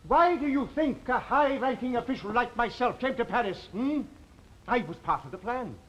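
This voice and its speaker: A stern, imperious old time traveller. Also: male voice, extremely high pitch, animated, moderate pace, a bit bright, lo-fi sound, exaggerated voice. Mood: accusing. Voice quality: commanding, tetchy. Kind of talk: 1960s television drama.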